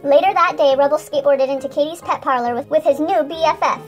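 A woman's voice: high voice, quick pace, soft background music. Sing-song woman reading a children's book. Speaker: toy channel host and story reader. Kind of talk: read-aloud storytelling for children.

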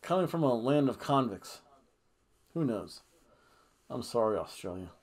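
With a sing-song, mid-range voice, a little slow, this man casually reviews a wrestling show for a podcast he co-hosts. He's slightly tipsy from red wine, rambling and joking, and often breaks into goofy singing and chants.

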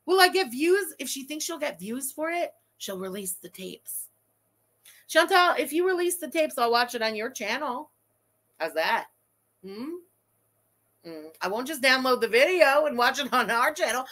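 Casting: young adult woman, high, bright, swearing, animated livestream host. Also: moderate pace. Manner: profane, animated, ranting. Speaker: livestream host reading super chats. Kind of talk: casual livestream chat.

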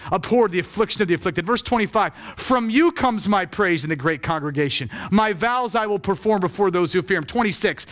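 A male pastor preaching a sermon, swelling loud and then dropping soft. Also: high voice, expressive, brisk, hardly any pauses.

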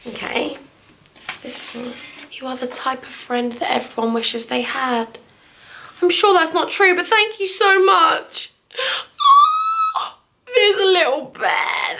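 A woman's voice: high voice, lively intonation, unhurried, vocal fry, pushed and bright. A young English woman vlogging, gushing and tearful as she talks to her viewers. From England. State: teary. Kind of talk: emotional vlog chat.

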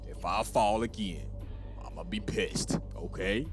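A man giving let's play commentary, excitable and talking to himself as he plays. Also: lowish voice, a little slow, soft background music. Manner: excitable, talks to himself while playing. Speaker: gaming channel host.

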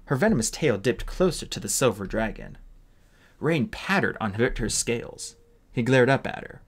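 A man reading a fantasy novel aloud as an expressive audiobook narrator. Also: medium pitch, moderate pace. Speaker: audiobook reader. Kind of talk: storybook narration.

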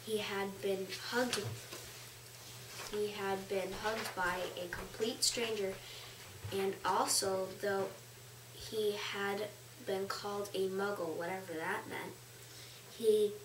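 A woman reading aloud in halting practice, stumbling and repeating words as she is corrected. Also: medium pitch, fairly even intonation. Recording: echoey room, far from mic, faint noise.

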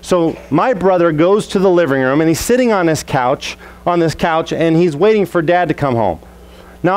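A man preaching a sermon as a pastor, telling a childhood story and acting out the family scenes in lively voices. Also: a little high, clean tone, rough recording.

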